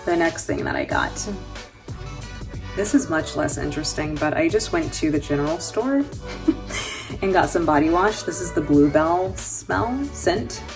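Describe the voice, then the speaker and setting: Low, unhurried American woman vlogging. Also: sing-song, over music. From New York. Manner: chatty and joking, laughs often, many fillers. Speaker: travel vlogger. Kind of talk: casual vlog chat.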